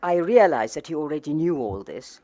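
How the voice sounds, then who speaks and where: A woman's voice: low voice, very animated, moderate pace, mellow. An older woman from Palestine reading from her memoir in a wry, anecdotal way. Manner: wry, anecdotal, with fillers and laughs. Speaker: author.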